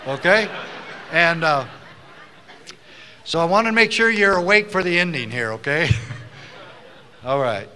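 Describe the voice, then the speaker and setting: A man's voice: fairly high pitch, animated, measured pace, pauses often, a little hiss or hum. A former sheriff giving an emphatic public speech to a live audience, telling stories and acting out the people he quotes. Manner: emphatic, swells to loud rallying stresses; storytelling, acts out the people he quotes. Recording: long hall reverb.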